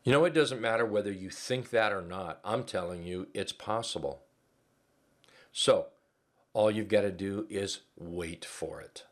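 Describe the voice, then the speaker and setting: A man with a low, deep voice hosting a live trading webinar. He talks in a folksy, casual way, full of fillers and restarts, and repeats his key phrases to drive them home. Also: a little slow.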